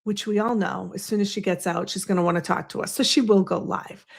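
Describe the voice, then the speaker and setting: A woman's voice: mid-range voice, fairly even intonation, gravelly. Chatty Boston woman livestreaming from home. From US East Coast. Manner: chatty, rambling, quick asides. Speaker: livestream host. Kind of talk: casual livestream chat. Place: home, snowy window behind. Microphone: desk microphone.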